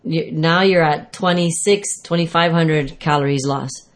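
A woman's voice: deep voice, measured pace. A woman fitness trainer giving casual advice on food and exercise, rambling and correcting herself as she explains.

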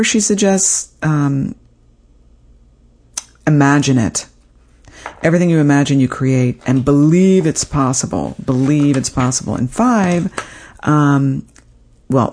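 A woman hosting a casual chat, lively and talkative as she goes through a list of tips. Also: a bass voice. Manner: animated, chatty, lists tips. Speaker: podcast host.

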